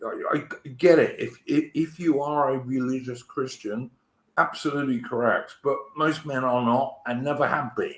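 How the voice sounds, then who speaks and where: A mid-range male voice at a moderate pace comes through a reverberant recording. The British-accented podcast host tells stories chattily on his casual chat show, with many restarts and stammers.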